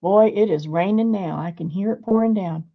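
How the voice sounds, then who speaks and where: A woman's voice: mid-range voice, moderate pace, narrow, tinny audio. A woman hosting a casual crafting video from her home studio, chatting and muttering to herself as she works. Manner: mutters and whispers to herself while working. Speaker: crafting channel host. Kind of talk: casual crafting chat while working.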